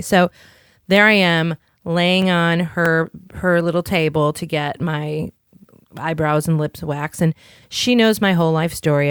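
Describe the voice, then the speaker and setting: A woman's voice: deep voice, clear, resonant tone, no echo, studio quality. A woman co-hosting a podcast, telling a long candid story in casual chat and swearing offhandedly. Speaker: podcast co-host.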